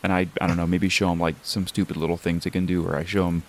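A man's voice: low voice, flat delivery, fast talker. A man playing a tabletop role-playing game, hesitant and joking in casual chat. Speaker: player.

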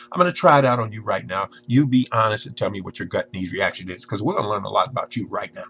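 A man's voice: lowish voice, fast talker, hardly any pauses, fairly bright tone, a little hiss or hum. A man hosting a marketing podcast, speaking to his listeners in an emphatic, salesman-like monologue. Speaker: podcast host.

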